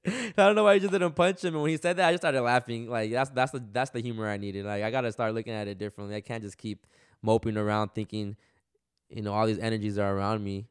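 Fast-talking slangy man, smooth voice. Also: lowish voice, no echo, studio quality. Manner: animated, slangy, retells dialogue. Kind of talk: casual conversation, storytelling.

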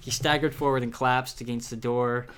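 A man's voice: mid-range voice, fairly even intonation, fairly quick, a bit bright, smooth. A man reading a children's horror book aloud, then chatting casually about it with fillers and restarts. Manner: plain read-aloud with hesitant fillers in chat.

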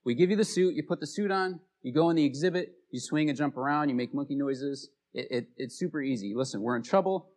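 A man doing eager zoo staff who press hard to close the deal. The voice stays close to his own, a little high for a man. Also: fast talker, few pauses, a little mellow, natural voice. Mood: coaxing. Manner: coaxing, insistent. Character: pushy zoo staff offering a job.

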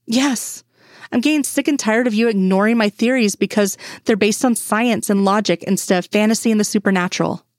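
A woman voicing an exasperated grown woman, a sharp FBI doctor, in a fan story reading. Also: mid-range voice, brisk, dry recording, clean studio sound, natural voice. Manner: exasperated, pleading.

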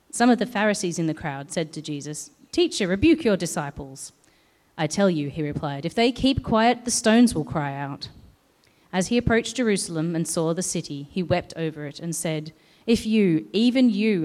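A woman reading a scripture passage aloud in a measured, expressive way. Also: fairly low pitch. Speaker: scripture reader. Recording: long hall reverb.

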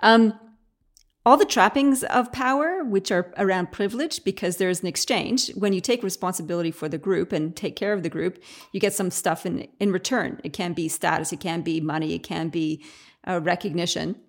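A woman's voice: fairly low pitch, normal speed. Curious, chatty woman podcast host. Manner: curious, chatty, thinking aloud. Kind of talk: podcast interview.

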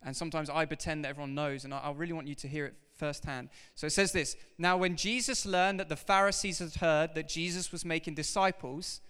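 A man preaching a sermon to his congregation, animated and emphatic, talking straight to the people in front of him. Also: fairly high pitch, fairly quick, hardly any pauses, clear, resonant tone. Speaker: pastor. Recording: reverberant hall.

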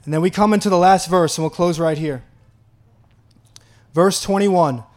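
Pastor, male, high-pitched, earnest sermon delivery, lingers on key phrases. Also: darkish tone. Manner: earnest preaching, slows for emphasis, laughs in delight.

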